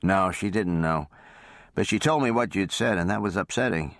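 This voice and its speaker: A man voicing a shy, earnest young sheriff in love who speaks softly for an audiobook. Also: deep voice, no echo, clean studio sound. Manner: soft, earnest and halting.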